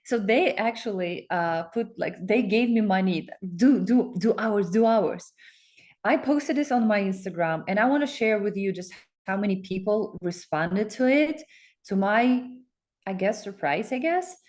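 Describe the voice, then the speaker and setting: An excited woman coach rambles while promoting a focus group in casual self-promotional talk with a screen share. Her voice is mid-range at a normal speed, full of fillers and restarts.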